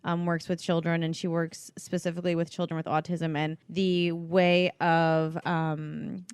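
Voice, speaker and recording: An agreeable woman co-hosts a casual podcast, reading out listener questions and chiming in with her own take. Her voice sits a little low for a woman. She is recorded close on the mic in a dry space. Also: level tone, unhurried, clear, resonant tone, no echo. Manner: easygoing, agreeable, reads questions aloud.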